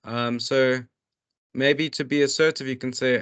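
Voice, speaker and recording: A man's voice: medium pitch, fairly even intonation, normal speed, fairly bright tone. A man tutoring, reading out workbook questions and explaining each one, with many restarts and fillers. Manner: reads questions aloud then explains them. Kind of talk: walking students through a workbook.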